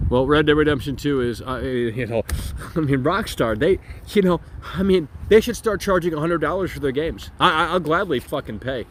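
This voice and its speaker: A high-voiced man rants brashly on his livestream, swearing and repeating himself. He is talking outdoors into a phone. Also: normal speed, slight background noise. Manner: brash, profane, repetitive ranting. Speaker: streamer and host. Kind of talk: casual ranting livestream.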